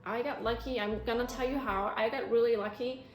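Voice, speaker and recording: A young woman vlogger telling her own story with animated feeling, with a turn of phrase. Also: on the high side, a little fast, dull audio, slight background noise. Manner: emotional, animated storytelling, close to tears at times. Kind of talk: storytelling vlog. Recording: echoey room with faint music.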